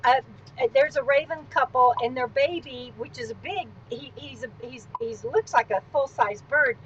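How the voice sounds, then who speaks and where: Chatty high-voiced woman hosting a live stream. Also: normal speed, a bit bright, muffled recording, a little hiss or hum. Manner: chatty, rambling, wandering off into asides. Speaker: livestream host. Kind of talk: casual livestream chat. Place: at home, on a swivel stool.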